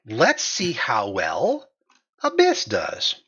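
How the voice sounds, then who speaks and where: Brief: man, goofy game master, lively pitch, husky, bright, lo-fi mic. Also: drawn-out words. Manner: animated, goofy, laughs often. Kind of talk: narrating a tabletop game on a live stream. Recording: slightly dull lo-fi mic.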